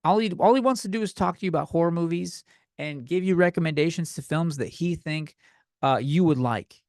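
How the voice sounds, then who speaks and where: A man's voice: fairly high pitch, fairly quick, a little mellow, no echo, studio quality. A young man hosting a comedy podcast, ranting in a loose, profane, slightly tipsy way and a bit out of breath. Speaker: podcast host. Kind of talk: rambling comedic rant.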